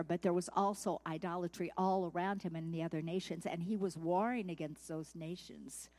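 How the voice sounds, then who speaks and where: A woman's voice: mid-range voice, a little mellow. A woman teaching a devotional sermon in a conversational way, often asking her listeners questions. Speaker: Bible teacher.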